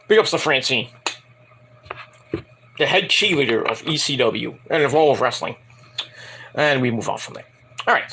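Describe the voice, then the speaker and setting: A man rambling through a casual wrestling review, profane and opinionated. His voice is husky and sits a bit high for a man, and his pitch swings widely as he talks. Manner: animated, bursts into put-on voices.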